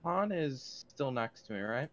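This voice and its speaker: A man playing in a tabletop game. He talks casually and excitably, and his pitch jumps around a lot. The audio is muffled and lo-fi. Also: measured pace. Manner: animated, swearing, excitable. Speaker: player.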